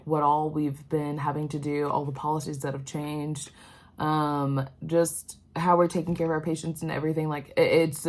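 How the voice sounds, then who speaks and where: A young woman talks candidly to her vlog viewers about her healthcare job, with lots of "um" and "like". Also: low voice. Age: young adult. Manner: candid, emotional, many fillers like "um" and "like". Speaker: healthcare worker vlogger. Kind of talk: casual vlog talk to camera.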